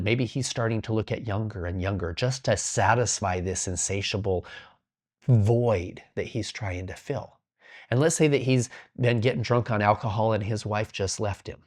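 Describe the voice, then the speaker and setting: A middle-aged man, a podcast guest, telling stories earnestly and intensely, repeating words and sinking to a whisper for heavy points. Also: fairly low pitch. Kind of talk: earnest storytelling in conversation.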